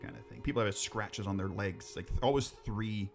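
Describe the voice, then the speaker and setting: Low-voiced man telling jokey ghost stories. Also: brisk, creaky, faint music behind. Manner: rambling, jokey, swears, laughs at his own jokes. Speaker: podcast co-host.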